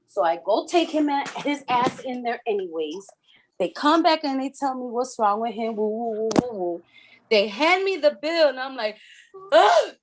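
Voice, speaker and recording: A woman co-hosting a casual radio chat, telling stories in an animated way, swearing often and laughing a lot. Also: a little high, normal speed, background noise. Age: adult, has a son. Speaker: radio show co-host.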